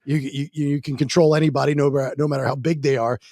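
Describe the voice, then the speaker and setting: On a casual podcast, a male host tells stories bluntly and acts out other people's lines in mock voices. His fairly high voice is a little mellow, steady in tone and quick in pace. The recording is dry and studio-clean.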